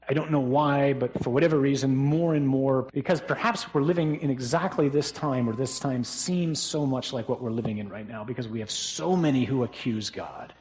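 A priest delivers a funeral homily in a plain, conversational voice. He talks to the congregation directly and often tags his points with a quick question. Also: medium pitch, a little mellow.

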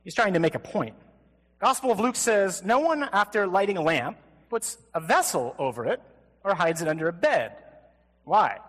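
A priest preaches to a men's conference with humor and energy, sometimes mimicking a flat, droning reader. His voice sits a touch high. A long hall reverb trails behind every phrase. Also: moderate pace. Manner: animated, joking, mimics flat gospel readings. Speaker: Catholic priest. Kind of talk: conference sermon.

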